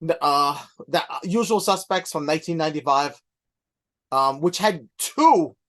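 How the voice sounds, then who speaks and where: Middle-aged male co-host, halting, relaxed delivery. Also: on the high side. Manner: hesitant, many ums and restarts. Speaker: podcast co-host. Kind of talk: casual chat.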